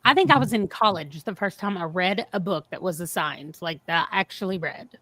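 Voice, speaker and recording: A woman's voice: on the low side, a little fast, pushed and bright, no room sound. Woman, casual book chatter, rambling, dry close mic. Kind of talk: casual video call chat.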